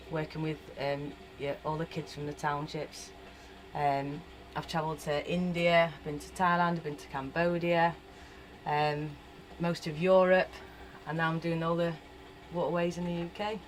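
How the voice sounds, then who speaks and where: Low-voiced chatty woman. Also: flat delivery, moderate pace, a little hiss or hum, low-quality recording. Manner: upbeat, chatty. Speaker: canal boater. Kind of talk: casual interview.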